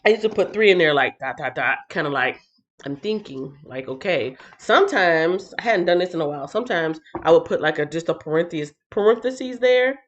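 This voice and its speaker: Woman from the northern US, lower voice, chatty live-stream Bible reader who talks straight to viewers, slightly muffled lo-fi audio. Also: lively intonation, a little fast. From northern United States. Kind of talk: casual live-stream chat and Bible reading.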